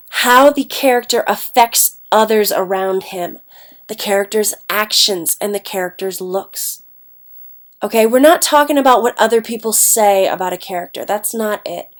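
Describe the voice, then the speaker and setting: This English teacher from Ohio, United States, speaks in a mid-range voice during a recorded class lecture. Stuffy-nosed and conversational, she frequently pauses to ask "okay?".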